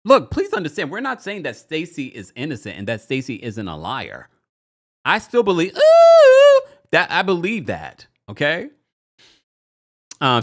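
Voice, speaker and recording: Animated man recapping reality TV. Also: on the high side. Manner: chatty, animated, reads out listener comments. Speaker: podcast host.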